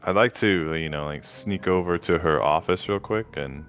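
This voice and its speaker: A man's voice: low voice, normal speed, a bit bright, faint music behind. A man playing a tabletop game, chatting in a thoughtful, hesitant way. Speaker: player. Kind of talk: casual chat at a tabletop game.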